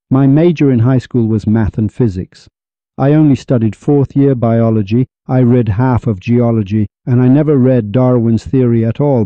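A man's voice: medium pitch, no room sound, muffled recording. Man preaching a rhetorical podcast monologue. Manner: preachy, rhetorical, mock-shouting quoted crowds. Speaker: podcast host.

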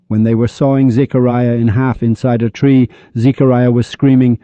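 Male podcast host, preachy rhetorical monologue, dry muffled mic, mid-pitched voice. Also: level tone, a little fast, few pauses, no echo. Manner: preachy, rhetorical, mock-shouting quoted crowds.

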